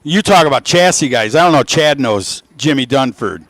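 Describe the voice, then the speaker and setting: A man in his sixties commentating live drag racing, telling folksy stories and shouting when the cars run. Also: medium pitch, moderate pace, no room sound. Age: 60s. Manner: folksy storytelling, shouts with excitement at the action. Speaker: race commentator.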